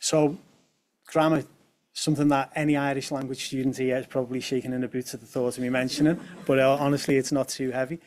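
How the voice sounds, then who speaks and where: A man's voice: medium pitch, flat delivery, quick pace, darkish tone. A young man from presents a talk to an audience and drops in light humorous asides. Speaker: speaker at a talk on language.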